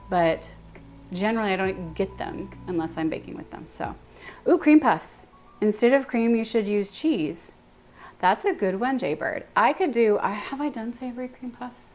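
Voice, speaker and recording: In her home kitchen, a woman with a Texan accent and a medium-pitched voice runs a casual baking livestream, chatting, thinking aloud, and greeting viewers by name.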